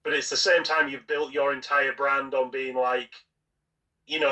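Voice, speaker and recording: A man co-hosting a podcast in a casual, critical chat. His voice sounds bright and forceful and is full of fillers like "like" and "you know". The mic sits at some distance from him. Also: mid-range voice, fairly even intonation, moderate pace. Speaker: podcast co-host.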